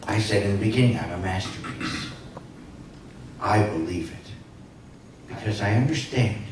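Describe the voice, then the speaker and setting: A man's voice: low voice, distant mic, noisy background. A man in his sixties giving an inspirational speech, telling a personal story with comic punchlines. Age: 60s. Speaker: inspirational speaker. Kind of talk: motivational speech. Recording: echoey hall, heard from afar.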